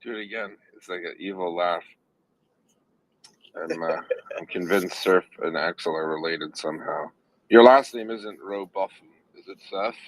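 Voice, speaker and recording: A man's voice: low voice, fairly even intonation, fairly bright tone, rough recording. A man hosting a casual online panel chat, joking and teasing as he moves between news and banter. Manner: joking, teasing, quick asides. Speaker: host. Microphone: online audio room, own mic.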